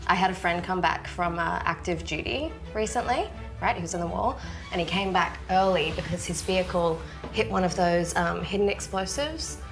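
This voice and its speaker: A woman telling long jokes to friends in a casual group challenge, an animated storyteller who squeals when she does voices. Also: on the low side, normal speed, over music.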